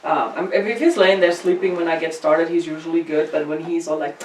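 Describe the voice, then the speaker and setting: A woman hosting a casual chat, playful, sometimes imitating her dog in a squeaky voice. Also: fairly even intonation, fairly quick, darkish tone, distant mic, a little hiss or hum. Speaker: host. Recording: echoey room, voice from the mic.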